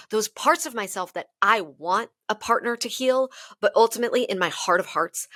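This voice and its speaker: A woman speaking as a relationship expert on a podcast, candid and animated as she tells personal stories. Her voice sits a little low. The sound is close and dry. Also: no room sound. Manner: open, animated storytelling with self-deprecating laughs.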